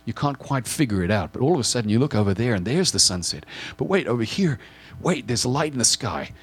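A man's voice: medium pitch, big pitch swings, a little fast, breathy edge. A man preaching as he guides listeners through a vivid scripture scene in the second person, with repetitive phrases that build in intensity.

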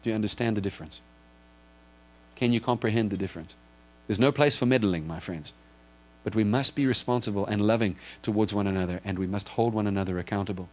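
Speaking quickly at a fairly low pitch, this pastor gives a sermon to his congregation. He uses a drawn board to explain things earnestly and keeps asking his listeners directly if they follow.

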